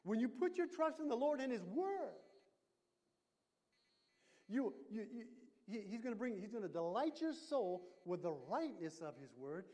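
Animated high-voiced preacher in a hall. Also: male voice, moderate pace. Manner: emphatic preaching, swinging between loud and hushed. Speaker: pastor. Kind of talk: sermon.

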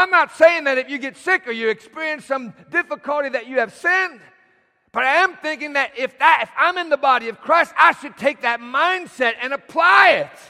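A man preaching a sermon, swinging from shouts to quiet asides, calling for amens from the congregation. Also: very high-pitched. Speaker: pastor. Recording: long hall reverb.

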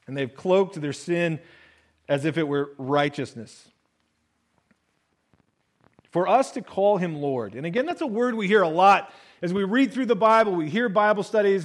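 High-voiced man preaching conversationally. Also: rough recording. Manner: conversational preaching, reads scripture then explains with acted-out voices. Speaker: pastor. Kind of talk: sermon.

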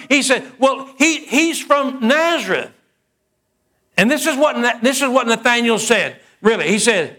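A man's voice: big pitch swings, moderate pace, bright, forceful tone. A man preaching a sermon, acting out the dialogue of the story with swings in his voice. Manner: storytelling preacher who acts out the dialogue with a lot of pitch swings. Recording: faint music behind.

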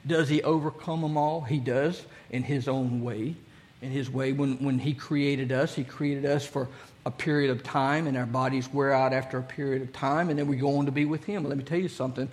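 A man's voice: medium pitch, fairly even intonation, moderate pace, darkish tone. A male pastor preaching a sermon in a folksy, conversational way, asking the congregation questions.

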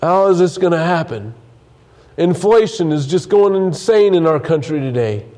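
Man, sermon, mellow tone, slightly high pitch, earnest, restarts often, voice wearing thin. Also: lively intonation, normal speed. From United States. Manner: earnest preaching with repeated restarts, reading King James scripture aloud. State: losing his voice. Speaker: pastor.

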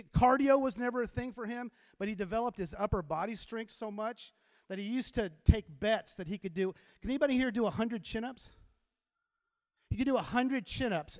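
A man, a teacher, giving an animated motivational talk to a live audience and telling stories to get the crowd involved. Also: high voice. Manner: animated storyteller who gets the crowd to repeat lines. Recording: long hall reverb.

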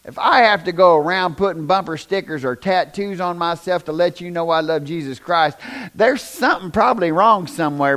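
A middle-aged man preaching a sermon in a church, folksy and joking, speaking straight to his congregation. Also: sits high. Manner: animated, folksy and joking, addresses congregation directly. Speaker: pastor.

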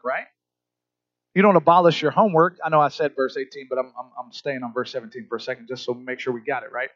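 High-voiced conversational male preacher. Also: no echo, muffled recording. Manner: conversational, prompts listeners to fill in words. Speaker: pastor. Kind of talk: sermon.

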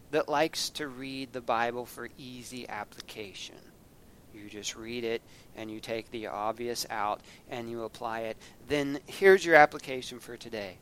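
A man preaching a sermon, folksy and storytelling, acting out scenes with a raised voice. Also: medium pitch.

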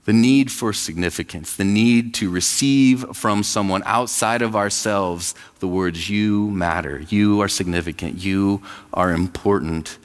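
A man's voice: sits low, big-room sound. A man in his thirties, pastor of a church, preaching a conversational sermon and acting out quoted voices. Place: church sanctuary.

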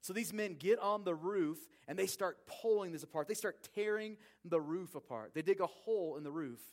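A man's voice: high-pitched, normal speed. A man preaching a sermon and reading scripture aloud. He talks in a conversational way, asks his listeners questions and sometimes repeats words. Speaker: pastor.

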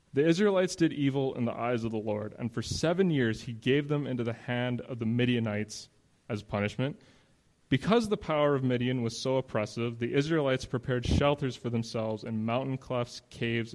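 Male pastor, mid-pitched voice, relaxed conversational preaching. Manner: conversational preaching with restarts and scripture reading. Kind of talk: sermon.

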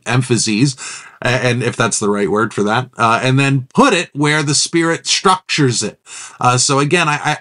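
Middle-aged male pastor, sermon teaching, mid-pitched, conversational with hesitations. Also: fairly bright tone. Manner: thinking aloud with fillers and restarts, reads Scripture aloud.

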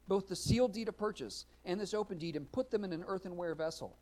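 A male pastor preaching a sermon, earnest and explanatory, rising to loud emphatic readings of scripture. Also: high-pitched, quick pace, few pauses.

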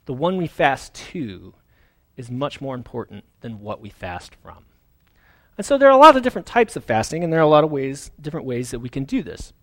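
A man's voice: medium pitch, wildly swooping pitch, a little fast. A man preaching a sermon as pastor, earnest and conversational, with fillers and restarts.

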